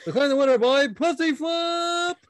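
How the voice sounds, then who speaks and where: A man putting on a nasal cage-fight announcer, his voice pushed far above its usual pitch. He booms each word out like he is calling a winner to a whole arena. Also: normal speed, dry recording, clean studio sound. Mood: booming. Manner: booming, shouted announcement.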